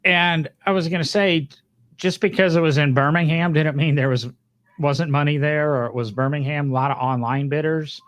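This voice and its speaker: A man's voice: a little high, steady tone, moderate pace, a bit bright, no room sound. Rambly podcast co-host guy, lots of ums and side jokes, dry close sound. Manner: rambling, loose with fillers and joking asides. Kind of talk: casual chat.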